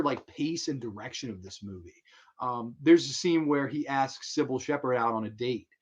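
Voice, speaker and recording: A man hosting a casual live show, talking in a rambling, profane, excitable way. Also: fairly high pitch, lo-fi sound. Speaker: host.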